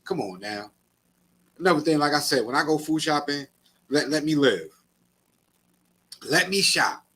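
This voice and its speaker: A man's voice: on the high side, animated, normal speed, sharp tone, husky. A man co-hosting a podcast, ranting in casual slangy chat. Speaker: podcast co-host.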